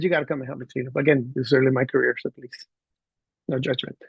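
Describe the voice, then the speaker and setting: Guy teaching a class, acting out his stories, raspy gravelly voice, dry sound. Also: medium pitch, rapid-fire, dry recording, muffled recording. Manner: animated, acts out quoted dialogue. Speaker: college instructor. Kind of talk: storytelling lecture to students.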